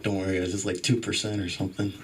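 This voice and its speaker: A young man doing a profane stand-up set at a comedy club open mic, acting out loud voices as he tells stories. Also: sits low, fast, distant mic, a little hiss or hum. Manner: animated, swearing storyteller, jumps into loud voices.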